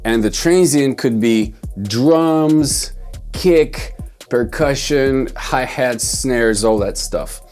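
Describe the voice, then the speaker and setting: A man's voice: medium pitch, extremely slow, a little mellow, faint music behind. A man teaching songwriting in a loose, rambling way, correcting himself and thinking aloud as he goes. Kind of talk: loose explanatory lesson.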